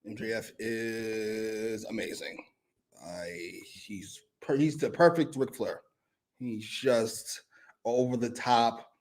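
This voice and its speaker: A man's voice: on the low side, slow pace, a little mellow. A man co-hosting a wrestling review podcast, giving blunt, profane opinions in casual chat. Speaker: wrestling show co-host.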